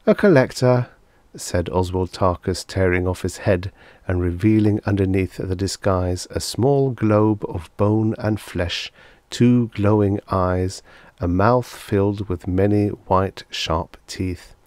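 A man narrating a vintage science fiction story as an audiobook, measured and unhurried through the descriptions. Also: low-pitched, steady tone, a little mellow, no echo.

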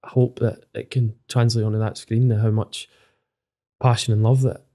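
A man's voice: lowish voice, flat delivery, normal speed, dark tone. A man in his thirties with a Scottish accent, speaking openly and emotionally in a podcast interview, swearing often. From Scotland. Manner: open and emotional, with frequent swearing. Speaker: footballer guest.

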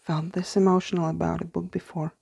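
A woman speaking English as a second language, chatting softly through a casual book haul vlog and slipping into hushed whispers of delight. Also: fairly low pitch, flat delivery, fairly quick, vocal fry, husky. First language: not English. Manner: soft-spoken, often drops to a hushed whisper in awe; hesitant, with fillers and restarts. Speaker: vlogger.

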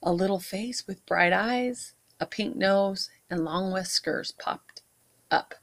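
Slow, expressive storytime reader, woman. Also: mid-range voice. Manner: warm, expressive read-aloud with asides to kids. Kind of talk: reading a picture book aloud to children.

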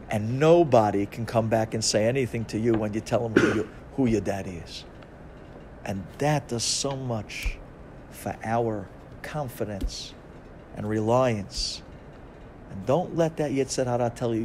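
A man's voice: medium pitch, moderate pace, a little hiss or hum. Preacher, male rabbi, fervent sermon delivery, mid-range voice. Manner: impassioned, swings from hushed to shouting.

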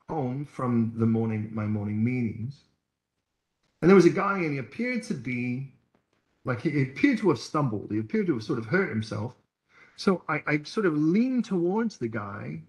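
In an echoey church hall, a man with a mid-range voice preaches a sermon as pastor. He tells stories in a storytelling preacher's style, acting out the voices of the people in them.

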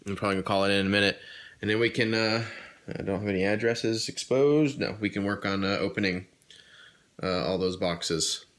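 Brief: male vlogger, lowish voice, worn-out and rambling, casual swearing. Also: brisk, a bit bright. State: tired. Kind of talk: casual vlog chat.

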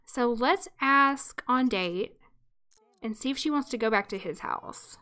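Bright-voiced woman narrating a game. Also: on the high side, expressive, normal speed, clear, resonant tone. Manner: chatty, amused. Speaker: let's play host. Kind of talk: casual game commentary with storytelling.

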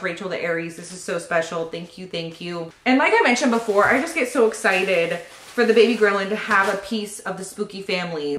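Young woman, pregnant, gushing vlogger, echoey room, mid pitch. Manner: gushing, excitable, thanks each sender. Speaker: vlogger opening baby gifts. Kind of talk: casual unboxing vlog.

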